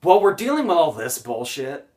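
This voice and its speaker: Sarcastic animated man, off-mic. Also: fairly high pitch, a little fast, recorded from a distance. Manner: sarcastic, animated, acts out scenes mockingly. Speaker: movie reviewer host. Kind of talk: casual podcast review.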